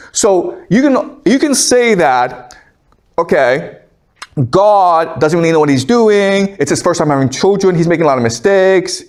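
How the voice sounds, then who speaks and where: A man's voice: fairly high pitch, darkish tone. A man giving a classroom lecture in a conversational way, reading passages aloud and checking in with "okay?" after each point. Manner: conversational, keeps asking "okay?"; reads scripture aloud between explanations. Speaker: professor lecturing.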